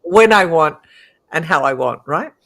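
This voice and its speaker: Middle-aged woman guest telling a story; low-ish voice, very animated. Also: a little slow. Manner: lively, animated, laughs often. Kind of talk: casual storytelling.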